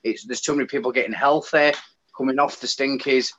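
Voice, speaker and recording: A British guest with an English accent talks fairly quickly at medium pitch in a casual chat, ranting in an animated, heartfelt way. The dull, lo-fi recording carries a little hiss or hum.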